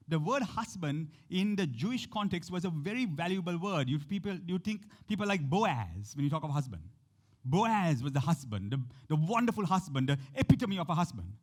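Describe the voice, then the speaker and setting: Male pastor, lively sermon delivery, slightly high voice with a very wide pitch range, voices the characters he quotes. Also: moderate pace. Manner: animated, acts out the quotes in shifting voices; speaks to the congregation directly, with frequent questions.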